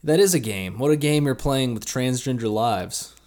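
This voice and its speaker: A man's voice: mid-range voice, lively intonation, moderate pace, a little mellow. A man co-hosting a podcast in casual comedic chat, making provocative half-joking takes. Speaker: podcast co-host.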